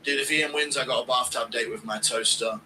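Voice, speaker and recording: A man's voice: brisk, background noise. A man hosting a fight watch-along stream, chatting casually, reading out donations and cracking crude jokes. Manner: crude, jokey, does squealing high-pitched impressions.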